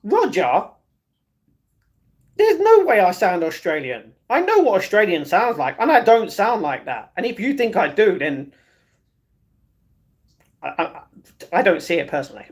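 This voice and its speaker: A man's voice: high-pitched, sing-song. A man hosting a casual livestream, reading viewer comments aloud and answering them in an easygoing way, often stumbling and restarting his sentences. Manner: chatty and easygoing, with halting restarts. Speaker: livestream host.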